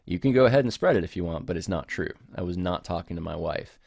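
A man's voice: sits low, lively intonation, fast talker, vocal fry, darkish tone, no room sound, clean studio sound. A man hosting a podcast alone, talking casually and apologetically, rambling and restarting his sentences as he explains himself. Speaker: podcast host. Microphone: home recording setup with camera.

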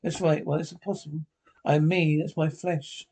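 A man's voice: a little high, flat delivery, normal speed, darkish tone, husky. A shaken android man. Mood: disbelieving. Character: troubled young male android who believes he is human. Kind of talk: 1950s TV drama acting.

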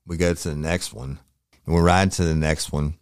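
A man's voice: low-pitched, steady tone, a little fast, smooth, dry recording, clean studio sound. A man telling a police story in casual, rambling speech, profane and acting out what others said. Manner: profane, rambling, acts out quoted lines.

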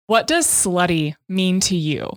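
A woman's voice: fairly low pitch, big pitch swings, measured pace, dry recording, clean studio sound. A woman co-hosting a podcast in playful casual chat, reading sponsor notes and interviewing a guest. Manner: playful, giggly banter. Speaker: podcast co-host.

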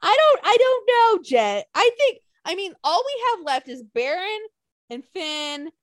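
A woman's voice: extremely high pitch, very animated, unhurried, dry recording, clean studio sound. A young woman co-hosting a casual podcast, ranting with lots of swearing and mocking put-on quotes. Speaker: podcast co-host. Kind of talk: casual chat.

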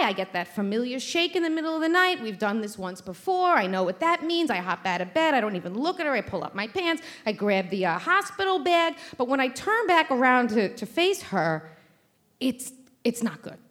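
Brash high-voiced woman storyteller. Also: moderate pace. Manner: brash, profane, animated. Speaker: host and storyteller. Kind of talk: live comic storytelling. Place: theater stage before a live audience.

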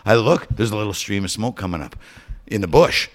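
A middle-aged man hosting a podcast, telling stories in a profane, animated way that swings from hushed to shouting. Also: fairly low pitch, brisk. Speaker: podcast host. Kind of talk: casual storytelling.

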